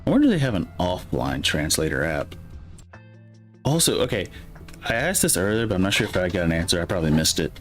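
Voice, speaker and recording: A man's voice: sits low, sing-song, fast, soft background music. A man from Michigan with a Midwestern American accent, chatting casually as he streams a farming game and rambling to himself with lots of fillers. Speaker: gaming streamer. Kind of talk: casual gameplay commentary.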